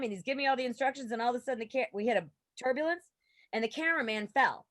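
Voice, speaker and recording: A woman guest on a podcast, telling a story in a casual, animated way and laughing often. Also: fairly high pitch, racing, no room sound.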